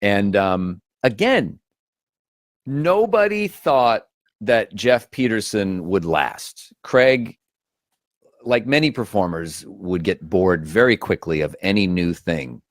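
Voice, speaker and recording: A man's voice: fairly low pitch, expressive, takes it slowly, no room sound, studio quality. A man, an actor and comedian, telling stories as a guest in a casual interview, acting out quotes with shifting voices.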